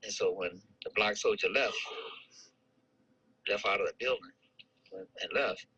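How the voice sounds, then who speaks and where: An old army veteran in his eighties, from St. Louis, tells his life story in an interview. His voice is husky and strikingly bright and edgy, and he rambles, restarting sentences and chuckling now and then. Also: on the low side, a little slow, lo-fi sound. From St. Louis, United States. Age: 80s. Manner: chuckles while recalling.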